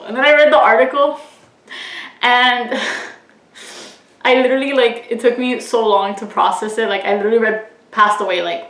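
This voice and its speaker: A woman hosting a reaction video, talking in a halting, emotional way with many fillers. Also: on the high side, fairly bright tone, reverberant, rough recording. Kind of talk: casual emotional chat.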